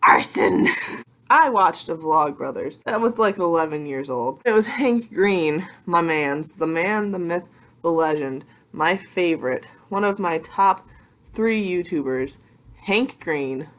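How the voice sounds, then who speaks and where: A young adult woman vlogging casually to her computer webcam, rambling and excitable with self-mocking asides. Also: on the low side, measured pace. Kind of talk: casual vlog talk to camera.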